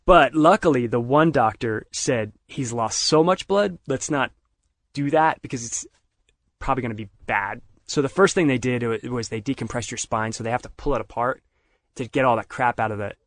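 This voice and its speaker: A middle-aged man tells a long personal story in a relaxed, conversational way. He slips in and out of other people's voices as he quotes them. His voice sits at an ordinary pitch, and the recording is dry and close. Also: moderate pace, no echo. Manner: animated retelling, acts out others' lines. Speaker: podcast guest. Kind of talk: casual storytelling.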